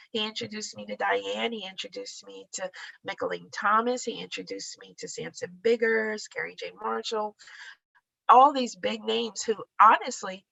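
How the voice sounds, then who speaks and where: A woman artist giving a casual guest talk, animated and acting out the dialogue in her stories. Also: medium pitch, vocal fry, dry recording. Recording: dull lo-fi sound.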